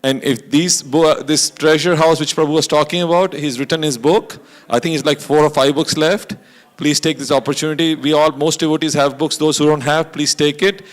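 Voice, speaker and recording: A man organizing a temple gathering, giving quick, loose announcements with fillers. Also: a little high, steady tone. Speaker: event organizer. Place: temple hall.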